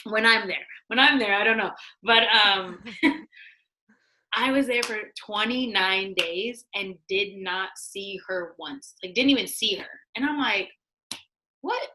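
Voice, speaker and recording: A middle-aged woman, a former studio executive, telling lively stories in casual conversation, acting out what people said and laughing often. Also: mid-range voice, unhurried, crowd noise, rough recording. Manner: animated, acts out quotes, laughs often. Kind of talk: casual storytelling.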